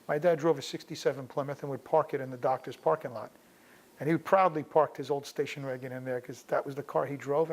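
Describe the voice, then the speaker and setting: A man's voice: medium pitch, creaky. A middle-aged man recalling his father in casual, anecdotal storytelling, often restarting his sentences. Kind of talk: personal storytelling.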